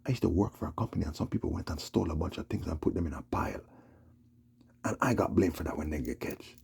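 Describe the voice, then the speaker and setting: A man telling a long, rambling story, agitated and repeating himself, with a gravelly voice. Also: deep voice, fast, a little mellow. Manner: rambling, agitated, repeats "you know what I'm saying". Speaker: vlogger. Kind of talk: casual storytelling monologue.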